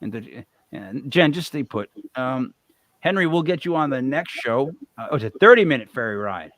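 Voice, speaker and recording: A man hosting a podcast in casual chat, animated and swearing freely. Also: medium pitch, moderate pace, dry recording. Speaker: podcast host.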